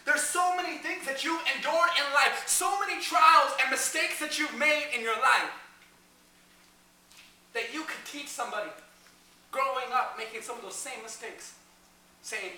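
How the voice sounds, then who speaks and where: A man gives a lively youth sermon, acting out the voices in his stories and shouting at the high points. His voice is high and very bright. It comes from a distance, with a lot of echo from a large hall. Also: moderate pace, pauses often, a little hiss or hum. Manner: animated storytelling, shouting peaks, acts out quotes. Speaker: youth preacher. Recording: echoey hall, heard from a distance.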